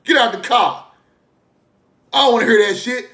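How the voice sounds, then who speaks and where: A man's voice: very high voice, moderate pace, pushed and bright, reverberant, pitched above the performer's own voice, heavily acted. A man voicing a brusque male police officer who barks curt commands. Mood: barking orders.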